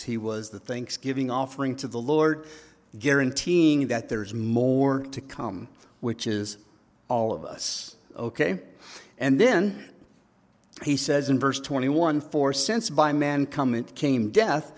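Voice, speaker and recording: A man preaching a sermon as pastor, chatty and joking, often tagging lines with "okay?" and "right?". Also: medium pitch. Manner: chatty, joking, leans on tag questions. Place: church sanctuary. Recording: long reverb of a church hall.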